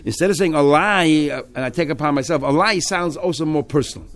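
A man's voice: on the high side, a little fast. A man teaching a text study class, explaining step by step and acting out the speakers he quotes.

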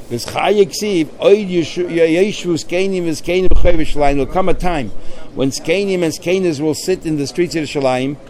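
A man's voice: on the high side, darkish tone. Man teaching Talmud in English. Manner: mixes Hebrew and Aramaic phrases into English, repeats words. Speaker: Torah teacher. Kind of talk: Talmud class, reading and translating.

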